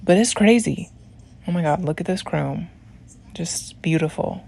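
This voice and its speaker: A young woman with a low voice and lots of vocal fry talks through her nail routine. She rambles casually, drifts into side stories and keeps dropping "like" between her steps. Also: unhurried, dark tone. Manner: rambling, lots of "like", laughs while talking. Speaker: nail tutorial creator. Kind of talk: casual chatty tutorial voice-over.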